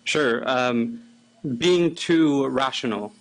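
A man in the audience slowly putting a question to a speaker. He hesitates often and searches for his words, at a medium pitch. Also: a little hiss or hum, rough recording. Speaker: audience member asking a question.

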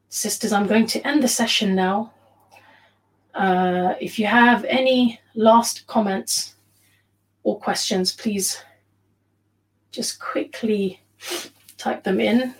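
A woman's voice: mid-range voice, low-quality recording. Earnest woman teaching an online class. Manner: earnest, unhurried, with many pauses and Arabic phrases. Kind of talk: online lecture to women.

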